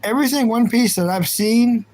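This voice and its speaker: A man's voice: very high voice, normal speed, a little mellow, poor audio. A young man hosting a livestream, chatting casually and playfully about anime and reacting to his viewers. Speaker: livestream host.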